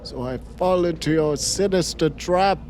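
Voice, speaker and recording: A man gives relaxed, joking commentary to himself while he plays a game. His voice sits a little high and he takes his time with each thought. A faint hiss of noise stays under his voice. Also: a little slow. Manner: playful, jokey, talks to himself. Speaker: let's play host. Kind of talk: casual gameplay commentary.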